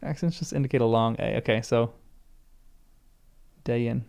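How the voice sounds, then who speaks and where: A man reads a book aloud for the first time, now and then stumbling over a name and pausing to think it through out loud. His voice is smooth and resonant, with a low gravelly edge and a mellow, relaxed tone. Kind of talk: reading aloud with reactions.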